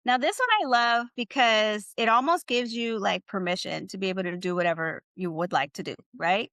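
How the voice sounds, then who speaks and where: A woman teaching in a podcast lesson, chatty, checking in with "right?" and "okay?", slowing down to model phrases for the learner to repeat. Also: medium pitch, a bit bright, no echo. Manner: slows down to model phrases for repetition. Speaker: Spanish teacher.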